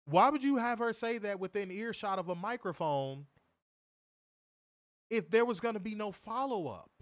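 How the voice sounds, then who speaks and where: A man's voice: high voice, expressive, moderate pace, dry recording, studio quality. A man hosting a wrestling review podcast, ranting and mocking in profane comedic commentary, laughing often.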